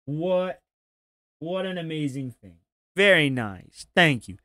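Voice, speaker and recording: A man's voice: fairly high pitch, lively intonation, slow pace, sharp tone, no room sound. A man hosting a casual stream, chatting in a laid-back, profane way and laughing often. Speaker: stream host. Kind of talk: casual commentary chat.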